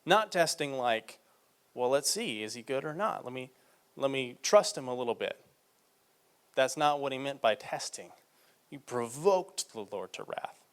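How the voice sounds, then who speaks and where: A man's voice: mid-range voice, expressive, moderate pace, clear, resonant tone. Man preaching a conversational sermon. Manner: reads scripture aloud and explains it conversationally.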